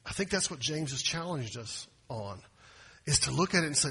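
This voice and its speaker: Emphatic preacher in a reverberant hall. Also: male voice, a little high, animated, moderate pace, slightly rough. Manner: emphatic, rhetorical questions, swings from loud to hushed. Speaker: pastor. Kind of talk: sermon.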